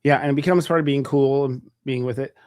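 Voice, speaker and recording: A man hosting a casual spiritual interview, talking quickly and chattily with many filler words. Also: medium pitch, steady tone, darkish tone, dry recording, clean studio sound. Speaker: host. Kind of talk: conversational interview.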